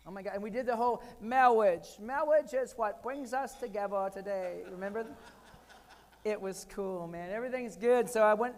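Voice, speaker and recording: A fairly high-pitched man in his forties delivers a keynote, spinning comic stories with animated swings and loud punchlines. His voice rings out with the long reverb of a large hall. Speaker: keynote speaker. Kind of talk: storytelling keynote speech.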